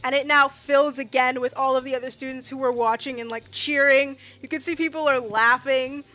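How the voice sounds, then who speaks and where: A woman's voice: high-pitched, fairly even intonation, brisk, sharp tone. A woman running a tabletop game as game master, chatty and full of fillers as she narrates.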